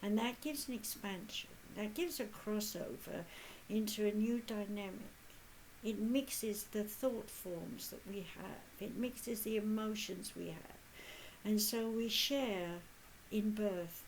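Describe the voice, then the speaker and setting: A woman in her eighties speaking as a spiritual medium in a channeled talk. She is earnest and measured, with long pauses. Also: mid-range voice, darkish tone, a little hiss or hum, poor audio. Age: 80s.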